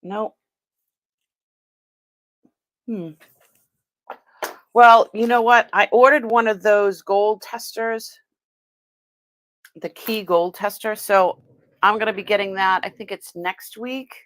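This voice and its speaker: A woman's voice: medium pitch, fairly even intonation, takes it slowly, long pauses, fairly bright tone, dry recording. A woman hosting a live-stream sale, chatting as she unboxes and tests items, exclaiming often and laughing as she goes.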